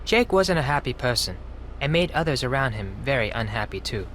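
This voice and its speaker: Stiff polite japanese-accented teen boy, game voice, middle pitch. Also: big pitch swings, fairly quick, a bit bright, slight background noise. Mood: solemn. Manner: formal, careful phrasing. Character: polite earnest teenage boy exchange student. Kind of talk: video game voice acting.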